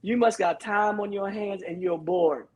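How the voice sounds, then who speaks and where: A man's voice: high-pitched, moderate pace, highs cut off. A man telling a story in casual chat, emphatic and repeating his phrases as he acts out quotes. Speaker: guest.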